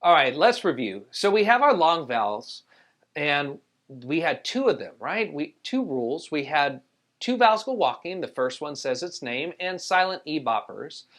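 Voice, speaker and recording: A man's voice: fairly high pitch, sing-song, moderate pace, fairly bright tone. A man teaching a spelling lesson, patiently explaining rules and sounding out each letter. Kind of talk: spelling tutorial.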